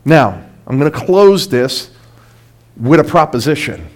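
A man preaching a sermon, emphatic, swinging from loud exclamations to hushed, drawn-out lines. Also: fairly high pitch, sing-song.

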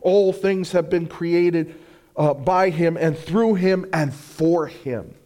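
Emphatic preaching man, fairly high voice. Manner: emphatic preaching, swinging between loud declarations and hushed slow lines. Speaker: pastor. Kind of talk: sermon.

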